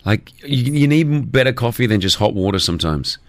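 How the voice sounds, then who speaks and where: A middle-aged man hosting a breakfast radio show, teasing his co-hosts in lively banter. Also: mid-range voice, a little fast, no echo.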